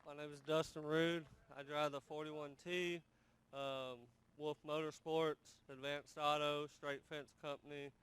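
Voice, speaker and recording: A man's voice: on the high side, level tone, a little slow, a bit bright, clear, resonant tone. A race car driver, a man, introducing himself hesitantly and listing his backers. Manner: hesitant, reading off a list.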